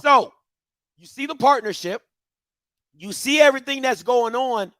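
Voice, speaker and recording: Male commentary host, very high voice, dry close sound, emphatic preacher-style rant. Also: measured pace, pushed and bright, dry recording. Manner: emphatic, repeating rhetorical questions to viewers; preacher-like call-and-response cadence.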